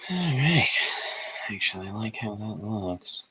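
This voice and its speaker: Lively bright-voiced man chatting. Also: fairly low pitch, measured pace, breathy edge. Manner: rambling self-commentary with swearing. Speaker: art show host. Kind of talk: casual chat while coloring.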